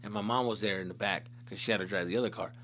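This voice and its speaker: A man's voice: on the low side, steady tone, very fast, a bit bright, slight background noise. A man from Tucson, Arizona, hosting a podcast and telling a comic story in a casual, swearing, slangy way with Spanish mixed in. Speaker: comedian host.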